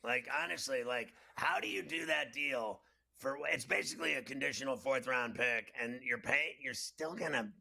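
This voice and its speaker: Gravelly, sharp-toned outspoken male co-host. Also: medium pitch, moderate pace. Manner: blunt, incredulous, opinionated. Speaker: sports betting show co-host. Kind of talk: opinionated sports talk.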